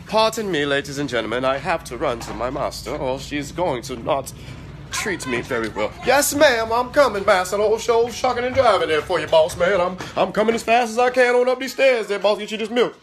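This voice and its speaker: A woman voicing a frightened, hurried servant who stammers and begs not to be punished. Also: fairly low pitch, lively intonation, soft background music, pitched above the performer's own voice, close to an everyday voice. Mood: frantic pleading. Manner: stammering, repeating words, begging. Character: frantic pleading old-time servant, fearful and hurried.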